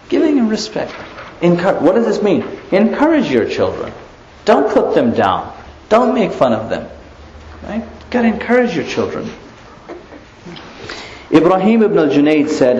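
A man giving an animated religious lecture, often asking rhetorical questions and chuckling, in a roomy, slightly dull recording. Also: medium pitch, moderate pace. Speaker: Islamic preacher.

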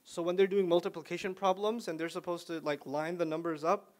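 A man giving a religious talk to a young audience, telling stories with big swings from quiet to loud and asking listeners questions. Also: sits high, brisk. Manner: animated storyteller with wide swings in loudness; conversational, asks listeners questions. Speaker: Islamic lecturer.

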